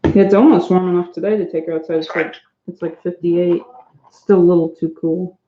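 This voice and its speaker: Streaming live from home with her pet parrot, a woman coaxes the bird again and again in a lilting baby-talk voice, then slips into relaxed, chatty asides for viewers. Her voice is lowish and her speed normal. The audio sounds echoey and slightly dull, like a home room on a basic stream mic.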